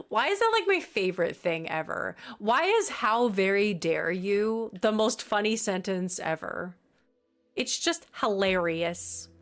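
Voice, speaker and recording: A woman's voice: medium pitch, fairly bright tone. A woman livestreaming casually and reacting to chat in a theatrical way, gasping and laughing often. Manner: theatrical, with gasps and frequent laughter.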